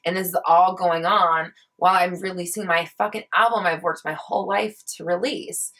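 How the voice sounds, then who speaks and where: Young woman vlogger, fired-up rant, curses freely, slightly low voice. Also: steady tone, normal speed, a bit bright. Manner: heated, swears a lot, ranting. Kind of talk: casual opinion vlog.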